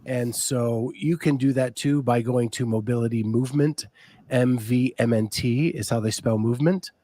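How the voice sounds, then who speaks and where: A man hosting a podcast, chatting casually and reading sponsor spots in a relaxed way with frequent ums. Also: medium pitch, normal speed, no room sound. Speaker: podcast host. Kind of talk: casual chat and sponsor reads.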